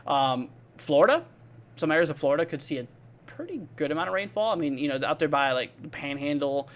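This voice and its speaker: With a sing-song voice on the high side and a slightly fast delivery, the host of a live weather stream chats casually. He rambles with many fillers, reads viewer comments aloud, and answers folks by name in a laid-back, friendly manner.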